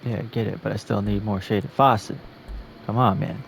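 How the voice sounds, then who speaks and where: A man giving casual gameplay commentary in quiet, muttered asides. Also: fairly low pitch, steady tone, normal speed, gravelly, a little hiss or hum.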